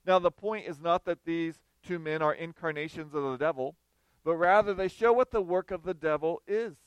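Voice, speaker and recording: A man preaching a sermon, reading scripture, then explaining it in a lively, conversational way. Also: on the high side, moderate pace, smooth, dry recording. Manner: animated, conversational, acts out quoted voices.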